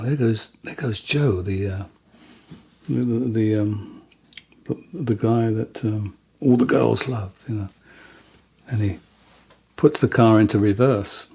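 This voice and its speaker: A man with a mellow, slightly breathy voice tells his stories as an interviewee. He wanders through them casually, often restarting a sentence. Now and then he briefly imitates what someone else said. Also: fairly low pitch. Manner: rambling, with many restarts and acted-out quotes. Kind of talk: casual anecdotal storytelling.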